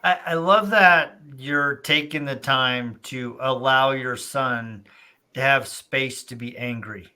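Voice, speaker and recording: A man's voice: mid-range voice, takes it slowly, sharp tone, clean tone. A man hosting a podcast, talking in a reflective, encouraging way and often checking in with "right?". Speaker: podcast host. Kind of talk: casual conversation.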